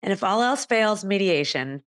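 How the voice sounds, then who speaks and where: A young woman calling in to an advice podcast, talking softly and agreeably, a little hesitant. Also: mid-range voice, expressive, moderate pace, dry recording. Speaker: caller. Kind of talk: casual phone-in chat.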